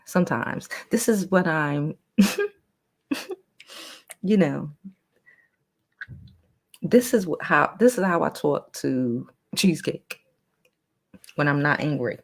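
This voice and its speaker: A woman with a hoarse, fading voice, hosting a casual livestream chat in a playful, rambling way. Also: low voice, lively intonation, a little slow, long pauses. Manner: playful, chatty, trailing off and restarting. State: hoarse, losing her voice. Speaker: livestream host.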